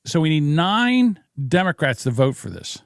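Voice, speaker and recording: Older guy co-hosting a podcast, rambly and blunt, kinda high voice, dry close sound. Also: very animated, normal speed, clear, resonant tone, no echo. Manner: rambling storyteller, opinionated and blunt. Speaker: podcast co-host. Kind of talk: casual chat.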